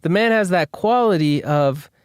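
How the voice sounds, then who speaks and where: Smooth-voiced man rambling in a monologue. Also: sits high, animated, normal speed, dry recording, clean studio sound. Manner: rambling, self-deprecating, swears freely. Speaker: host. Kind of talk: casual monologue.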